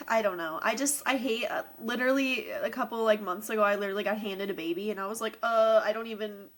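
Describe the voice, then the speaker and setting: A woman's voice: medium pitch, fairly bright tone. A woman co-hosting a film podcast, chatting casually and summing up scenes. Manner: casual, reacts with quick agreement. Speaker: podcast co-host. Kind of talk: casual chat.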